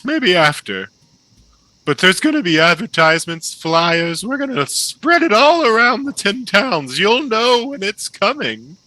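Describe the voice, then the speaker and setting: Squeaky over-the-top halfling theater guy, gushy, voice leaping all over. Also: sing-song, a little slow, pushed and bright, no echo, exaggerated voice, rough recording. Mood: enthusiastic. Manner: gushing, theatrical, shrill exclamations. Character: flamboyant excitable male halfling theater owner.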